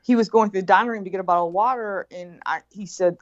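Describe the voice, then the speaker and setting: A middle-aged woman telling a story in casual chat, animated and profane, acting out what people said. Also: mid-range voice, fast talker, few pauses. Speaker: guest. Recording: dull lo-fi sound.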